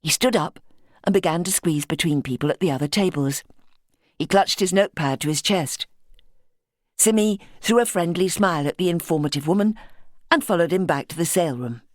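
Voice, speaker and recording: A woman narrating a mystery novel in a measured, even read. Her voice sits low, and the studio recording is close and completely dry. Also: no room sound. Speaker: audiobook narrator. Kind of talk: scripted narration.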